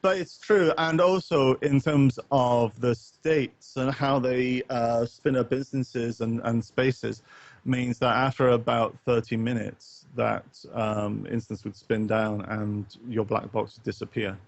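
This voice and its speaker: A man co-hosting a podcast after-show, chatting casually at a medium pitch. He rambles and thinks aloud, full of ums and restarts, on a dull, lo-fi recording. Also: steady tone, slow, creaky. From Northern Ireland. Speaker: podcast co-host. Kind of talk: casual chat. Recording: dull lo-fi sound.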